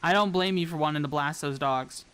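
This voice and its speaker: A woman from the American South with a deep, smooth, fairly bright voice speaks briskly as a VTuber streamer. She builds a model and chats casually, rambling to her viewers.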